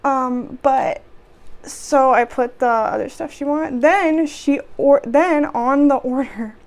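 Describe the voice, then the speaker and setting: A woman's voice: high-pitched, slow, a little mellow. A young woman vlogger telling work stories in a casual chat, sarcastic and exasperated, with sighs.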